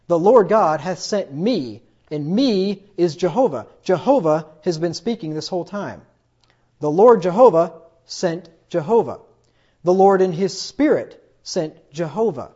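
A man preaching a sermon, who gets emphatic and loud when he quotes scripture. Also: sits high, sing-song, moderate pace, slightly rough. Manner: emphatic, rises loudly when quoting scripture. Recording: dull lo-fi recording.

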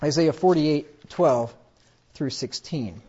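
A man preaching a sermon in a somewhat high voice. He gets emphatic and rises in volume whenever he reads scripture aloud. The recording sounds dull and lo-fi. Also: slow, slightly rough. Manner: emphatic, rises loudly when quoting scripture.

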